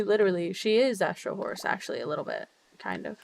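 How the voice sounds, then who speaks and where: Young woman streamer, middle pitch, bubbly and loose-mouthed, chatty game-stream delivery with sudden squeals. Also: very animated, fairly quick, vocal fry, dry recording. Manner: bubbly, swears freely, laughs often, big jumps in pitch. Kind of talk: casual livestream chat while gaming.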